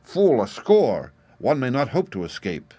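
A man's voice: medium pitch, wildly swooping pitch, measured pace, warm tone, breathy edge, no room sound, pitched above the performer's own voice, exaggerated voice. A man voicing a frightened young page boy who pleads in old-fashioned speech, as a character voice in an audiobook. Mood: wary.

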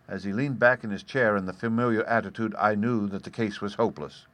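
A man reading a novel aloud in steady, measured storytelling narration. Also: on the low side, no room sound. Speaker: audiobook narrator. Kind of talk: scripted narration.

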